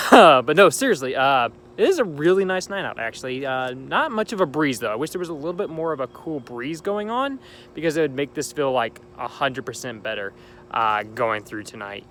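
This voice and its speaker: A man's voice: mid-range voice, lively intonation, normal speed, a bit bright, slight background noise. Chatty young man commenting on gameplay outdoors. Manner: chatty, rambling and upbeat. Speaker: gaming channel host. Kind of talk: casual let's-play commentary. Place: outdoors at night.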